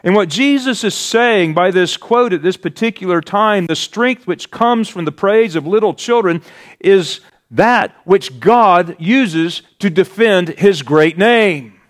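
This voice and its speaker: Slow, deliberate male preacher. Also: sits high, lively intonation. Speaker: pastor. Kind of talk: sermon.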